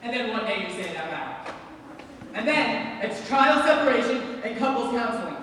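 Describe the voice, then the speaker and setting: Picture a young man acting out a lonely middle-aged theatre buff, chatty and confiding, his voice pitched very high. He is heard from far off in a booming, echoing school hall with a long reverb tail. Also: expressive, moderate pace, noisy background. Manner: confiding, chatty asides to the audience. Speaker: stage actor. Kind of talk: school stage musical performance. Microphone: distant room mic.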